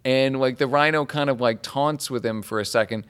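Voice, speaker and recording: A man's voice: mid-range voice, normal speed, fairly bright tone, clean tone. A man chatting casually, co-hosting a talk about a film, thinking aloud with restarts. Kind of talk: casual chat.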